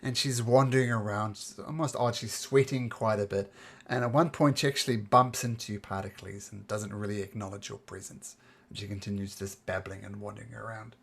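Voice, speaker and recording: A woman narrating as game master of a tabletop game on a voice call, relaxed and chatty, with many fillers. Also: a bass voice, a little fast, vocal fry, slightly rough. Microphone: computer mic on a voice call.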